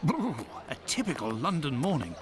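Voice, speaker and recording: A man's voice: fairly high pitch, big pitch swings, normal speed. An actor playing a jovial, proper male sidekick who exclaims a lot in a video game. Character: genial male sidekick Doctor Watson.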